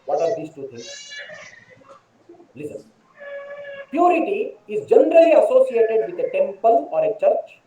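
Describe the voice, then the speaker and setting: Man, Indian English accent, monk's spiritual lecture, dark warm tone, echoey distant room sound. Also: high-pitched, wildly swooping pitch, a little slow, pauses often. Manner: repeats key phrases for emphasis, asks and answers his own questions. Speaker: monk giving a spiritual talk. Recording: distant, echoey, dull online lecture audio.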